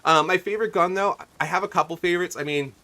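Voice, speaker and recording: Bright-voiced chatty male streamer. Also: high-pitched, fast. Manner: rambling, chatty, asks viewers questions. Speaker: livestreamer. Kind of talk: casual gaming commentary.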